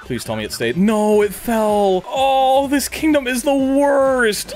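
Excitable young man yelling at a game. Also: very high voice, measured pace, few pauses, soft background music. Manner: loud, excitable, frequent yelps and shouts; jokey, crude, talks to chat. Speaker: gaming YouTuber. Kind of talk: energetic gameplay commentary.

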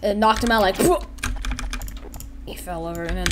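A woman giving casual, rambling gameplay commentary as a YouTuber, excitable and quick to act out characters and sound effects. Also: fairly low pitch, heavy background noise. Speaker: gaming YouTuber.

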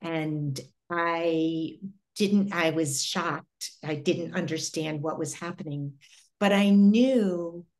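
A middle-aged woman speaking as an interview guest, telling a personal story in an earnest, reflective way with pauses and restarts. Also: sits low, warm tone.

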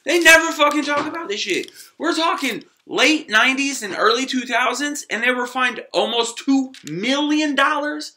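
A man vlogging a profane sports rant to camera, full of slang and swearing, swinging from shouting to low muttering. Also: moderate pace, few pauses, a little hiss or hum. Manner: heavy swearing, streetwise slang.

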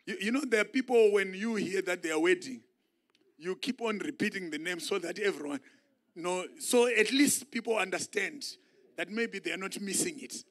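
A man preaching a sermon in a church, moving from quiet musing to shouted climaxes. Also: high-pitched, moderate pace. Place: church sanctuary.

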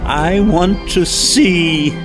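A woman's voice: lowish voice, very slow, over music. A woman doing a pleading blind beggar. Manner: calling out loudly, pleading. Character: desperate blind beggar man calling out. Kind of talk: children's Bible story narration.

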